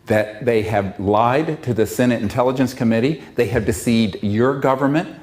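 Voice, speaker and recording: A man's voice: medium pitch, normal speed, darkish tone. A man giving an impassioned public talk, fiery and emphatic. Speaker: public speaker.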